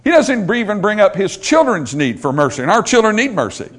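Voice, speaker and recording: High-voiced preacher delivering a sermon. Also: male voice, sing-song, brisk, fairly bright tone. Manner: preaching with rising intensity, quoting scripture in a pleading voice. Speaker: pastor.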